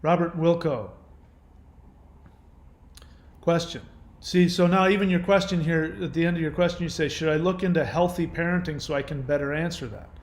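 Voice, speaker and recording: A man hosting his own channel, answering viewer questions in casual, gentle, reassuring advice talk. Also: on the high side, brisk, reverberant.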